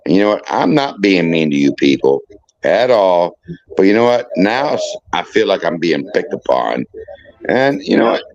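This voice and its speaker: A tipsy, tearful man pleading and apologizing in a halting, repetitive way on a livestream. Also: sits low, sing-song, darkish tone, dry recording, muffled recording. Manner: halting, repeats himself, pleading. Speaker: livestream panel guest.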